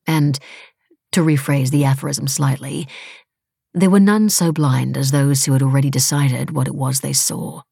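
A woman reading a novel aloud in steady, wry, measured audiobook narration. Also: rumbling low, vocal fry, husky, no room sound, clean studio sound.

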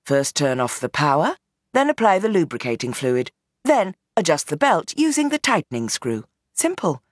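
A woman voicing a calm, commanding young woman who leads a group, speaking in an easy tone with a smile in it. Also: a bass voice, moderate pace, dry recording, studio quality, pitched below the performer's own voice.

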